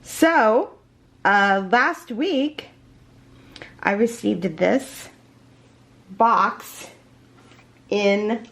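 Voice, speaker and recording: A woman vlogging an unboxing at home in a casual chat, gushing and excited, with many fillers and restarts. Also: mid-range voice, very slow, vocal fry, long pauses. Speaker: crochet vlogger.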